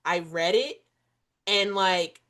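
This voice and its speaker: A woman's voice: lowish voice, takes it slowly. Chatty young woman podcast host. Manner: chatty, expressive, acts out quoted dialogue. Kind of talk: casual chat.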